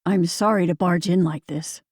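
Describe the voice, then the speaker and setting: A woman's voice: lowish voice, steady tone, moderate pace, a little mellow, slightly rough, no room sound, clean studio sound. A woman voicing an anxious young man who pleads earnestly to make amends. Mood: pleading.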